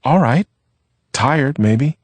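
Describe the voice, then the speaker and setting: A man voicing an uneasy young man who answers in halting, evasive phrases. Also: medium pitch, lively intonation, dry recording, voice pushed up. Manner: hesitant, halting.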